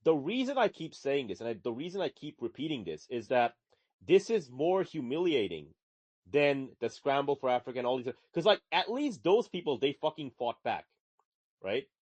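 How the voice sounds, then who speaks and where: A man co-hosting a casual live audio chat, ranting in a profane, animated way. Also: mid-range voice, normal speed, no echo. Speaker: podcast co-host.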